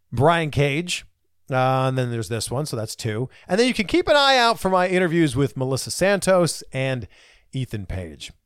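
A man's voice: medium pitch, clean tone, no echo, clean studio sound. A man hosting a podcast, chatting casually with a guest and then signing off with thanks and plugs in an upbeat way. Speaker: podcast host. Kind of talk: casual interview and sign-off.

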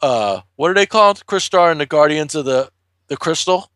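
A man recaps a comic book in casual, rambling chat, heavy on swearing and fillers. His voice sits slightly high. The sound is dry and close, with no room around it. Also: lively intonation, normal speed, a bit bright, dry recording. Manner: profane, rambling storytelling with many fillers.

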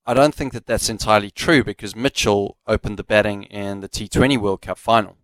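A man with a South African accent co-hosting a sports radio show, giving measured, analytical takes. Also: lowish voice, fairly bright tone, dry recording. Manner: measured, analytical, laughs easily. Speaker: radio sports co-host, former cricketer. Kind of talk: casual sports radio chat. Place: radio studio. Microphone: studio microphone.

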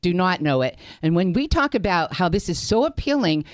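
A woman's voice: on the low side, sing-song, brisk, no room sound. A woman from Pittsburgh, a guest in a radio studio, talking emphatically and laughing often. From Pittsburgh, Pennsylvania. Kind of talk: talk radio banter. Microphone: studio microphone.

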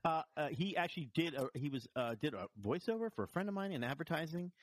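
A man co-hosting a podcast in casual chat, telling anecdotes with wry, quick joking asides. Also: a little high, animated, dry recording. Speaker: podcast co-host.

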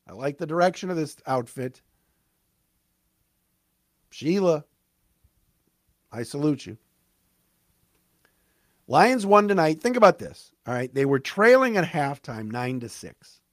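Male sports podcast host, slightly raised pitch, emphatic fan energy, dry close mic. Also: measured pace, long pauses, no echo. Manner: animated, emphatic, fan-like commentary with asides. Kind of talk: solo sports talk recap.

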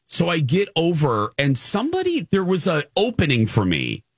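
A man's voice: fairly high pitch, huge pitch swings, moderate pace, husky, no room sound, studio quality. A man hosting a radio show, telling a self-mocking story and acting out quotes. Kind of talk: casual storytelling chat.

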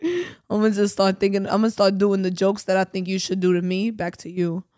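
A woman's voice: mid-range voice, fairly quick, darkish tone, dry recording, studio quality. Playful woman co-hosting a podcast. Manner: playful, laughing, trash-talking. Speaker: podcast co-host. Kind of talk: casual chat. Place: home.

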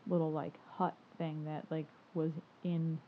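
A woman with a fairly low voice rambles casually, filling her sentences with "like" and laughing easily. The sound is narrow and phone-like, with a faint hiss underneath. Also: flat delivery, unhurried. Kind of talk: casual chat. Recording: tinny phone-like line with faint noise.

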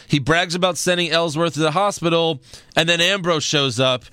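A man's voice: fairly high pitch, moderate pace, bright, forceful tone, smooth, dry recording, clean studio sound. A man co-hosting a casual chat, rambling and profane, laughing at his own stories. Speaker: podcast co-host.

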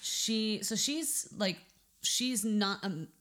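A woman co-hosting a casual film podcast, chatty and quick to correct and add details. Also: mid-range voice, fairly bright tone. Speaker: podcast co-host.

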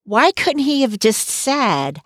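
A woman's voice: fairly high pitch, very animated, takes it slowly, no echo, studio quality. A woman co-hosting a podcast, chatting casually and giving emphatic, opinionated takes with frequent asides. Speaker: podcast co-host. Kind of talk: casual recap chat.

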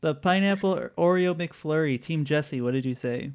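A man hosting a casual quiz podcast, relaxed, chuckling often and filling pauses with uhs. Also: a little high, clear, resonant tone. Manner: laid-back, chuckling, with filler uhs. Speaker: quiz host.

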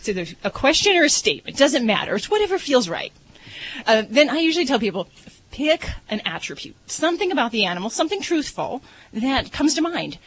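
A woman veterinarian and regular guest on a radio show, explaining things in a relaxed way. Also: high-pitched, brisk, a little hiss or hum, low-quality recording. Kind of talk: casual radio chat, explaining.

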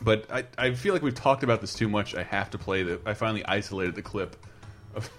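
A man's voice: lowish voice, a little fast, faint music behind. A man hosting a casual comedy podcast, telling stories in a rambling, swearing way. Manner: swearing, rambling, animated storytelling. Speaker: podcast host.

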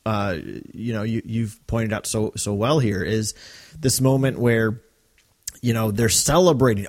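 A man co-hosting a podcast in casual chat, talking animatedly and breaking into quick quoted lines. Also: fairly low pitch, fairly even intonation. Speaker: podcast co-host.

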